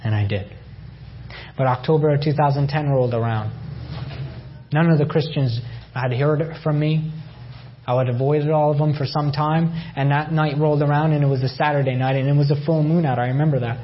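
A man's voice: fairly high pitch, steady tone, brisk, muffled recording. A man from Iran giving a personal faith testimony, telling his story with emotion and repeated phrases. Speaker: testimony speaker.

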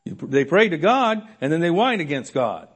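A man preaching a sermon in a church room, animated, swinging between loud emphasis and soft asides with frequent chuckles. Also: a little high, brisk, slightly rough.

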